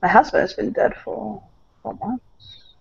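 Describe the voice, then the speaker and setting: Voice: medium pitch, unhurried, gravelly, slightly rough, heavily acted. A young widowed man with a European accent drowns his sorrow at a bar, answering with dry, self-mocking wit, as a tabletop player puts him on. The voice sits mid-range and comes through a dull, lo-fi recording. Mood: somber.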